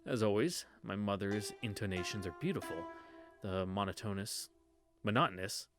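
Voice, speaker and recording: Guy with a deep voice reading a story out loud, trips over words, fixes them, cusses a bit, faint music behind. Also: lively intonation, normal speed. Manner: stumbles on words and corrects himself with wry asides; swears casually in asides. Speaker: reader of a visual novel. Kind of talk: casual read-through of a story.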